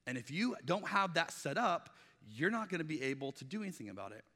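Man preaching, slightly high, crisp bright tone, conversational, long hall reverb. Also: big pitch swings, fast. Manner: conversational, acts out quoted dialogue, frequent restarts. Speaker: pastor. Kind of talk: sermon.

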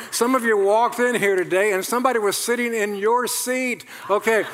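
A male pastor preaching a lively sermon, repeating lines and leading the congregation in call-and-response. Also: high voice, moderate pace, hardly any pauses, a little hiss or hum. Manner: animated, repetitive, leads the congregation in call-and-response. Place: large church hall with congregation. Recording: long hall reverb.

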